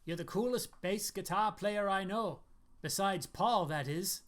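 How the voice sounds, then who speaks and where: A man's voice: high-pitched, unhurried, a bit bright, voice pushed up. Man playing a pushy, raised, urgent ex-rocker in his forties. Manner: urgent, persuasive. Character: restless middle-aged male ex-rock musician, pushy.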